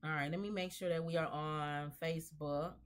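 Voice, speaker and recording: Low-voiced woman hosting a relaxed chat. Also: moderate pace, smooth. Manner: relaxed, chats while setting up the stream. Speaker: host. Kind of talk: casual chat.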